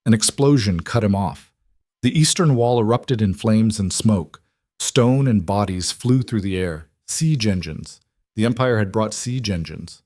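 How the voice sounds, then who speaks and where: A man narrating a dark fantasy story in measured, clipped dramatic phrases. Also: fairly low pitch, lively intonation, no room sound, clean studio sound. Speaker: audiobook narrator.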